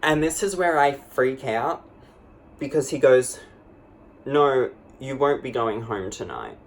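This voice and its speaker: A man's voice: medium pitch, animated, slow pace. A man playing a young woman vlogger who tells a dramatic storytime, rambling and full of "like". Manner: rambling, lots of "like", breathless and dramatic. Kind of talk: comedic storytime monologue.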